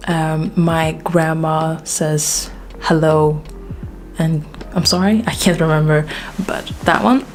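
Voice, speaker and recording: A woman's voice: deep voice, fairly even intonation, slow, faint music behind. A woman from Sweden giving a casual bookshelf tour, chatty and self-deprecating with plenty of fillers, a little out of breath. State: slightly out of breath. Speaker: book vlogger.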